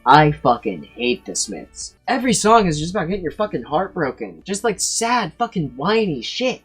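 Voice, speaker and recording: A man's voice: on the high side, big pitch swings, normal speed, hardly any pauses, fairly bright tone, slightly rough, soft background music. A man in his twenties giving blunt, profane, emphatic opinions in a casual ranking monologue, full of restarts. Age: 20s. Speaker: tier list video creator.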